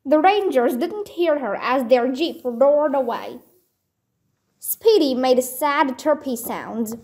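A woman reading a children's storybook aloud clearly and deliberately. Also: high-pitched, lively intonation, a little mellow. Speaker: storybook reader. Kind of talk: children's book read-aloud.

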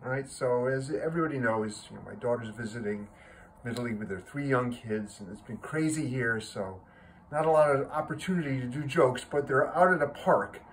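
A man's voice: medium pitch, a little fast, slight background noise, rough recording. A man in his sixties at home, casually telling a joke to his viewers with a self-amused chuckle. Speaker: joke teller.

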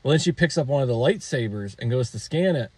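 A man with an ordinary mid-pitched voice spins a casual story, wandering and restarting with an amused edge. The sound is close and dry with no room around it. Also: expressive, fast, warm tone, breathy edge, dry recording. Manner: rambling, amused, with fillers and restarts. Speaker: DIY vlogger.

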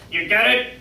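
A man's voice: sits high, pushed and bright, a little hiss or hum, full character voice. A man voicing a wisecracking blackbird puppet. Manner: joke-telling, pleased with himself. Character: wisecracking talking blackbird puppet named Wallace. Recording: echoey room, distant mic.

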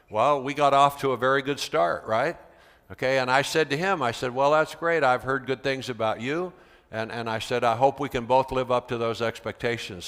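American man telling stories in a hall. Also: mid-range voice. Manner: animated storyteller, acts out quoted dialogue. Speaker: keynote speaker, veteran teacher. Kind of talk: storytelling conference talk. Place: large convention center hall. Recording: long reverb of a large hall.

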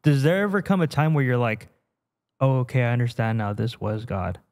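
A man hosting a podcast, asking a guest questions in a relaxed, tentative way. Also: mid-range voice, fairly quick. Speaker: podcast host. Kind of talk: interviewing.

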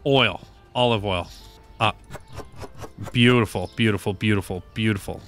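Here the gaming creator's voice sits lowish at a moderate pace, with soft music behind him. He's animated and joking as he narrates his play, addressing the characters directly and letting a curse slip now and then.

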